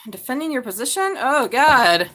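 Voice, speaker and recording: A woman's voice: high voice, big pitch swings, normal speed, pushed and bright, slight background noise. A woman doing a live tarot reading, chatty and blunt, swearing and laughing as she talks. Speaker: tarot reader.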